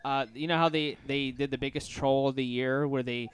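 A man co-hosting a podcast in casual chat, excitable and swearing freely, with frequent laughs. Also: mid-range voice, brisk, smooth. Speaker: podcast co-host.

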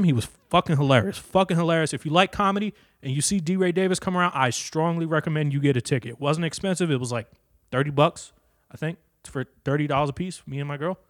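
A man's voice: on the high side, fast, no room sound, studio quality. A young man hosting his own podcast alone, talking in a blunt, profane and rambling way into a stand-up comedy mic. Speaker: podcast host. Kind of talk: casual solo podcast monologue. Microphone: handheld stand-up comedy mic on a stand.

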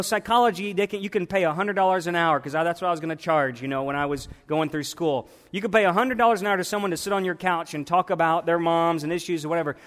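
A man preaching a sermon as pastor of his church, impassioned, swinging between hushed and loud. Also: high voice. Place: church sanctuary. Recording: long reverb in a large church hall.

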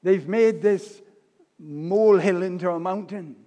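An older man giving a sermon, telling stories with humor and swinging between loud and soft delivery. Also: high-pitched, unhurried. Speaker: preacher. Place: church. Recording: long reverb of a church hall.

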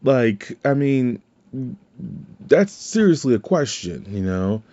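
A man's voice: mid-range voice, sing-song, takes it slowly, mellow. A man hosting a podcast in casual chat, rambling and cursing, with many restarts. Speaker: podcast host. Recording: slightly dull lo-fi sound.

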